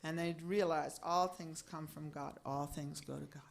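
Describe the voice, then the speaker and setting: A woman telling a religious story to a gathering, expressive and acting out the characters' voices. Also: normal speed, vocal fry, heavy background noise. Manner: expressive, swinging pitch and loudness, acting out voices.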